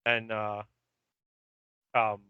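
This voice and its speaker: A man's voice: on the low side, monotone, drawn-out words, clear, resonant tone, no room sound, dull audio. A man co-hosting a podcast, recapping an episode in a meandering, hesitant way. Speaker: podcast co-host.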